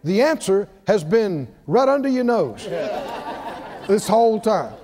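A man's voice: high voice, big pitch swings, measured pace, in a large hall, crowd noise. A man preaching a sermon, drawing call-and-response from the congregation with emphatic, repeated lines.

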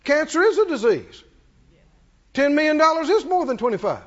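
High, animated man preaching a sermon. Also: normal speed, muffled recording. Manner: dramatic swings from shouts to hushed tones.

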